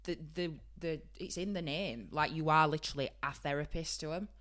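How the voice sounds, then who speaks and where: A bubbly woman with a broad Yorkshire accent chats and giggles through a podcast conversation. Her voice sits low for a woman but rings bright and forward. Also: a little fast. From Yorkshire, England. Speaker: podcast co-host, beauty trainer. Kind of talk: casual chat.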